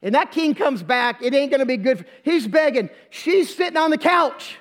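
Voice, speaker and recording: High-voiced preacher retelling a story with humor. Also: male voice, moderate pace. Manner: lively, humorous, slangy retelling. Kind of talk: storytelling sermon. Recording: long hall reverb.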